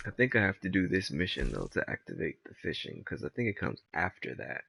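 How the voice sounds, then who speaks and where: A man with a lowish, gravelly voice talks through his gameplay in a loose, rambling way. He is laid-back and swears freely, drifting between the game and side stories. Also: big pitch swings, fairly quick, sharp tone, a little hiss or hum. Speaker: gamer. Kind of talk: casual gameplay commentary.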